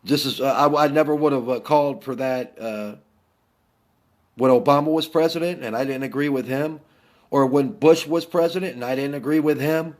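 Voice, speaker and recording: A man's voice: mid-range voice, normal speed. A middle-aged man from the United States, a Navy veteran, giving a heated, blunt political rant and repeating his points.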